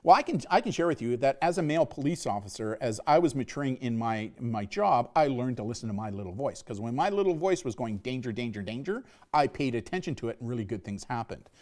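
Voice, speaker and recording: A man's voice: mid-range voice, expressive, quick pace, few pauses, darkish tone. A middle-aged man giving a live online safety talk to parents, emphatic and often tagging his points with "right?". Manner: emphatic, repeats "right?" as a tag.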